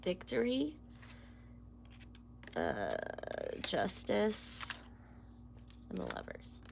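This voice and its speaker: A woman's voice: medium pitch, huge pitch swings, drawn-out words, vocal fry, background noise. A woman doing a casual tarot reading to camera, emotional and close to tears, rambling and dropping into whispers. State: near tears. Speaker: tarot reader.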